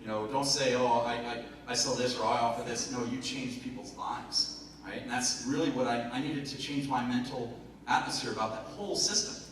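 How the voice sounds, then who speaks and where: At an event hall, a motivational speaker gives a lively, jokey talk to a live audience and puts questions to the crowd. His voice is mid-range and moderately paced, but the recording is noisy and very echoey, with him far from the mic.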